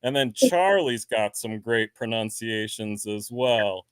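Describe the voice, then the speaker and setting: A man's voice: lowish voice, slow pace, over a noisy crowd. A man from New Jersey with a New Jersey accent, a guest beekeeper chatting casually and acting out the voices of the people in his stories. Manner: animated storyteller, acts out quoted voices. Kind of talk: casual chat.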